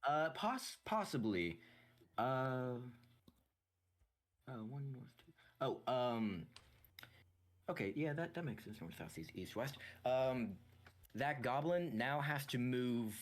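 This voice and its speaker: A man's voice: medium pitch, slow, pauses often. A man playing a tabletop game, describing his turn in a hesitant way with many restarts. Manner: hesitant, full of restarts, lively. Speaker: player. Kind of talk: casual tabletop play.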